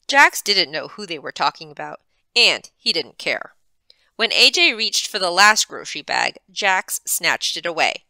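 A librarian reading a chapter aloud with expressive, animated narration, close to the mic. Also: female voice, lowish voice, unhurried, dry recording. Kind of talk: storybook read-aloud.

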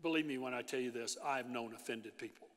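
A man preaching a sermon as pastor, in an animated, conversational way with frequent asides to the congregation. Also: mid-range voice, fairly quick. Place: large church hall. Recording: long church hall reverb.

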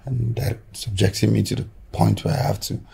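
A gravelly, humble Nigerian husband. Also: male voice, fairly low pitch, steady tone, brisk, heavily acted. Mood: apologetic. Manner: soft-spoken, apologetic. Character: broke young husband, humble and apologetic. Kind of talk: film drama acting.

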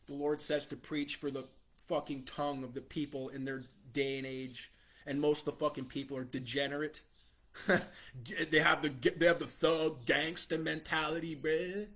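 A man preaches a profane street-style sermon in a swaggering mobster tough-guy manner. His voice sits high for a man, and his delivery is blunt and scornful, with chuckles between lines. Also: fairly bright tone.

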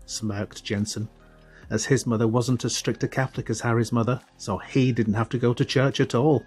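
Husky man, steady audiobook narration, faint music behind. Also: mid-range voice, moderate pace. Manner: steady, storytelling. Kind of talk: scripted narration.

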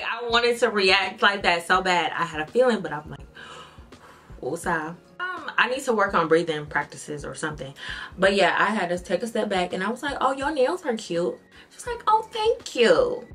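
A bright-voiced beauty vlogger with a lowish voice chats casually while doing her makeup in a get-ready-with-me video. She tells stories candidly and expressively, calls viewers "y'all," and gets tearful at times.

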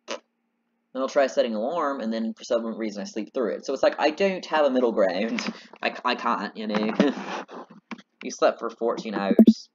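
A man's voice: medium pitch, a little fast, muffled recording, background noise. A man giving casual, rambling and self-deprecating commentary while playing a game. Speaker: let's play gamer. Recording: synth game music behind. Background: synthesizer music.

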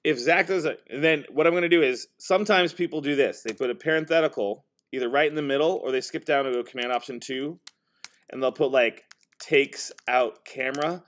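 A male teacher casually demonstrating software to a high school class, talking as he types and correcting himself along the way. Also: fairly quick. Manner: casual, talks while typing, self-correcting.

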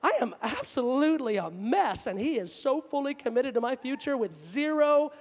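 A man's voice: very high voice, very animated, moderate pace. Man preaching in an echoing hall. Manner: impassioned, swings between loud and hushed. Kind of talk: sermon. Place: large church hall. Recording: long hall reverb.

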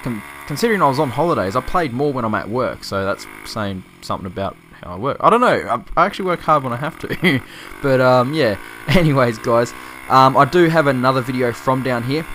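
Recorded on a chest-mounted camera with a little hiss or hum, an Australian man chats while out riding his motorbike for a vlog. His mid-range, fairly bright voice is expressive and a little fast as he rambles, laughs and swears freely.

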